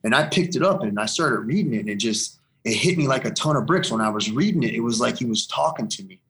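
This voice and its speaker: A man talks through his story in an earnest, rambling way, circling back and repeating lines to drive them home. His voice sits at an ordinary middle pitch for a man, neither deep nor high. He speaks as a guest in a conversation, giving his testimony. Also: animated, fast, a bit bright. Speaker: interview guest. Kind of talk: personal faith testimony in conversation.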